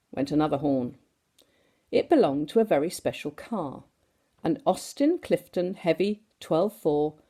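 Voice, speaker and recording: A woman reading a picture book aloud for children, with sound effects and questions to her listeners. Her tone is warm and mellow with a touch of vocal fry. The pitch swings widely as she tells the story.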